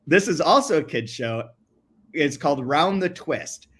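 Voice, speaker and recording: A man's voice: on the high side, animated, unhurried, slightly rough. A man co-hosting a podcast in casual chat, reading quotes aloud and often laughing mid-sentence. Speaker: podcast co-host.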